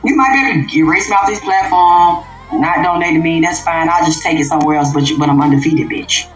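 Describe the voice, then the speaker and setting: A woman hosting an unscripted livestream rant, profane and emphatic, dropping to low mutters and jumping up to loud outbursts. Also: fast, echoey room, faint music behind, poor audio. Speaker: livestream host.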